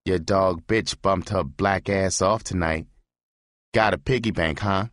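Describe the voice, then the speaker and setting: A man's voice: low-pitched, measured pace, a bit bright, no room sound, studio quality. A man voicing a brash, teasing young woman in an audiobook reading, with a raised voice.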